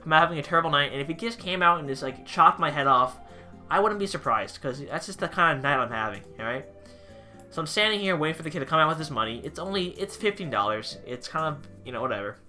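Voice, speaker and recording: A young man with a bright, sharp voice rambles through a storytime rant, exasperated and casual. He swears offhandedly and keeps circling back to his point, over faint background music. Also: on the high side, lively intonation, quick pace. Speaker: vlogger, pizza delivery driver.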